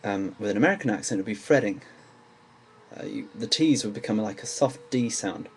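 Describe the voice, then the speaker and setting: Young English male, low register, casual and halting teaching delivery, faint background hum. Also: animated, vocal fry, poor audio. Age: young adult. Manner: hesitant, lots of ums, slows to demonstrate words. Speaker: accent teacher. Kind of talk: casual pronunciation lesson.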